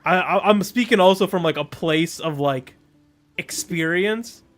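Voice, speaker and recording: A man from Europe with a fairly high voice chats loosely as he streams a game, joking and rambling and breaking into laughter often. Faint game music plays under his talk. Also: a little slow, fairly bright tone. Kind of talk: casual gameplay commentary.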